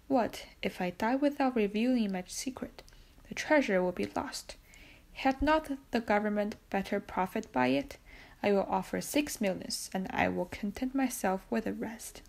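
A woman reading the lines of an elderly imprisoned male priest who insists he is not mad, in her own soft, slightly gravelly voice. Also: mid-range voice, moderate pace, lightly acted. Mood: pleading.

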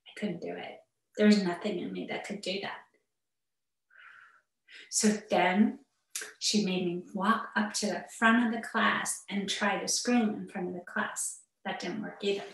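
A woman's voice: medium pitch, steady tone, unhurried, gravelly, a bit bright. Echoey distant woman giving a talk. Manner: earnest and personal, with muttered asides. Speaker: therapist giving a parenting webinar. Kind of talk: online talk to parents. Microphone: video call. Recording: echoey room, far from the mic.

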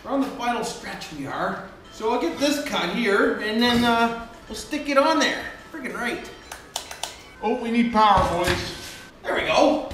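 A man's voice: very high-pitched, expressive, a little slow, fairly bright tone, soft background music. A Canadian man from Ontario giving casual, rambling commentary while he welds in his workshop. He keeps calling out to the boys and swears freely. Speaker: DIY vlogger. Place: echoey workshop garage. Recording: echoey shop with tool noise.

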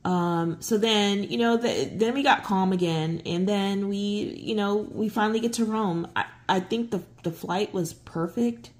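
A middle-aged woman telling a travel story while she colors, rambling with lots of fillers and restarts, and getting excitable. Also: a little slow, few pauses. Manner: excitable, voice jumps high when giddy. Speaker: coloring channel host. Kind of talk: casual chat while coloring.

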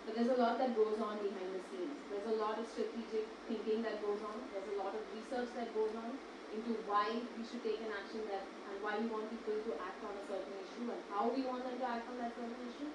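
A woman's voice: fairly high pitch, fairly even intonation, fast talker. A woman, an earnest and persuasive campaigner speaking on a panel. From India. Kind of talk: panel discussion. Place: large echoey event hall. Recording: echoey hall from far off with background noise.

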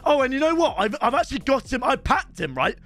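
A young man hosting a gaming video, talking in a very high, bright register. He chats and banters excitably with his viewers, and faint music plays under his voice. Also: fast talker. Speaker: video game channel host. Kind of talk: casual gaming commentary.

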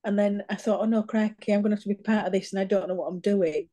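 A woman's voice: medium pitch, steady tone, quick pace, dark tone. A woman speaking candidly and enthusiastically on a video call. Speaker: poetry event participant. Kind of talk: casual video call chat.

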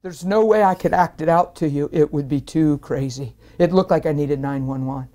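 A man telling his personal faith testimony in an interview, earnest and animated, rising with strong feeling as he tells it. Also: on the high side, normal speed.

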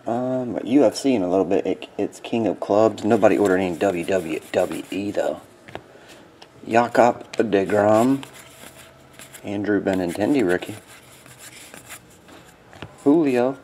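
A man's voice: on the low side, warm tone, slight background noise. A man hosting a card break, yawning and sleepy with watery eyes, calling out card names casually. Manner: drowsy, yawning, reads card names in quick bursts.

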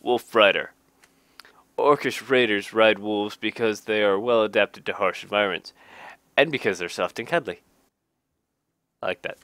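A man's voice: lowish voice, normal speed, long pauses, a bit bright, no room sound. A man casually reading game card text aloud, cracking jokes, laughing at them, and adding dry asides. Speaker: gaming YouTuber reading card flavor text.

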